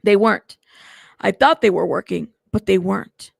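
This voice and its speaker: A woman's voice: medium pitch, moderate pace, gravelly, slightly rough, no room sound, clean studio sound. A woman reading out a male celebrity witness's testimony in court, giving short, plain answers.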